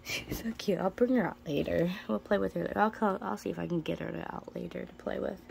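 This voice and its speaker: Woman, reptile-keeping vlogger, casual and chatty, gravelly low edge, dark tone, faint hum behind. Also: fairly even intonation, brisk. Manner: chatty, switches to high baby talk with her pets. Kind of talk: casual vlog talk to camera. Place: indoors in a room full of reptile enclosures.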